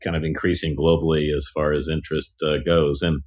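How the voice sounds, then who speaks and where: Male executive guest, very low voice, relaxed, halting with fillers. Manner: easygoing, frequent "uh" pauses. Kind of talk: casual podcast chat.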